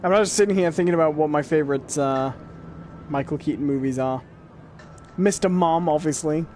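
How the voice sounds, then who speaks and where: A man co-hosting a casual pop-culture podcast, telling stories in a relaxed way with fillers. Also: fairly high pitch, brisk, a little hiss or hum. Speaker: podcast co-host.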